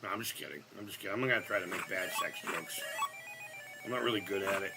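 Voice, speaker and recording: A man hosting a live gaming stream. He is sick, and his voice sounds higher than usual. He chats casually, cracks jokes, swears a lot, and shouts at the game. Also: fast talker, creaky, heavy background noise. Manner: profane, joking, loud outbursts at the game. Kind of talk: casual live-stream chat while playing.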